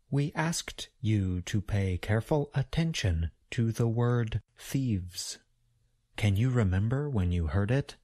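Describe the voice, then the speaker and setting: Male ESL teacher, very slow and deliberate delivery, animated pitch. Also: dry recording, clean studio sound. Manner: slow, carefully enunciated, drills sounds for repetition. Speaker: pronunciation teacher. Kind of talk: slow scripted lesson.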